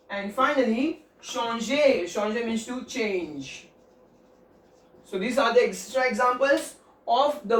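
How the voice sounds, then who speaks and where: A man with an Indian accent, teaching a grammar lesson to students, repeating points and spelling words letter by letter. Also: extremely high pitch. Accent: Indian English. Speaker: French teacher. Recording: echoey room, mic at a distance.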